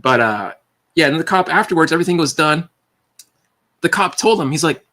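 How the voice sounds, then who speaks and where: A man hosting a livestream, telling stories casually, animated and acting out voices, often stammering and repeating words. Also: a little high, a little fast, pauses often. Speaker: livestream host.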